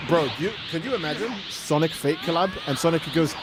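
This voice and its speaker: Animated, profane man streaming a game. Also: fairly high pitch, a little fast, very noisy. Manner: animated, profane, exasperated ranting. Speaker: livestream gamer host. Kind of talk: casual livestream chat.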